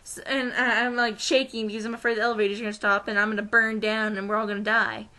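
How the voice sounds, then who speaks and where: A woman's voice: mid-range voice, fast. A young American woman vlogging, telling a story casually and acting out the voices of the people in it. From United States. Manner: animated, acts out quoted voices.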